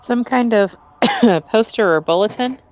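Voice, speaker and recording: A woman co-hosting a let's play, bantering and tossing in quick joking asides. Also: on the high side, animated, darkish tone. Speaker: co-host, gaming partner. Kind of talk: casual game commentary.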